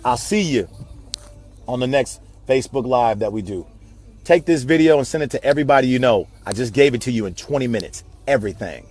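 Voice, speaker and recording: A man's voice: mid-range voice, expressive, fairly quick, darkish tone. A man giving a passionate, repetitive motivational talk on a live video stream, like a preacher. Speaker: network marketing speaker.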